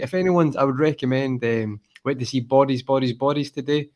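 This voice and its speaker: A man on a stream panel chatting casually in a relaxed, rambling way with lots of fillers. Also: mid-range voice, brisk. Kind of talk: casual chat.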